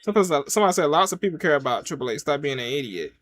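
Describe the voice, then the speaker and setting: A man reacts live to a wrestling broadcast, his fairly high voice bouncing all over the place. He yelps at big moves, then drops to a low mutter, talking in loose slang to himself and his viewers. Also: racing. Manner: animated, swings from loud excited yelps to low mutters; casual slang, talks to himself and the chat. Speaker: wrestling watch-along reviewer. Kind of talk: casual live reaction commentary.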